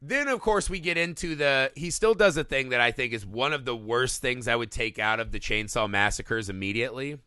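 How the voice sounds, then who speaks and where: A man co-hosting a casual podcast, reviewing a horror film with excited, profane enthusiasm and little acted-out bits. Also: medium pitch, clean tone, no echo, studio quality. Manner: excited, profane, acts out scenes in quick bursts. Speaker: podcast co-host.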